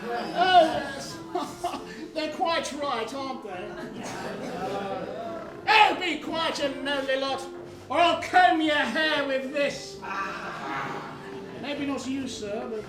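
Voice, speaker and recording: Pantomime villain: woman as a pompous pirate captain, high and unhurried, caught from far off in a hall. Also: expressive. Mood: gloating. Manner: pompous, gloating, theatrical. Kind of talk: amateur pantomime stage acting. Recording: echoey hall from far off, audience.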